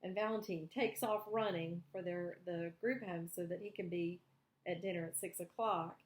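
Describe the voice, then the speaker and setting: A woman's voice: on the low side, steady tone, moderate pace, echoey room. A woman hosting a book show, reading a graphic novel aloud and explaining the panels.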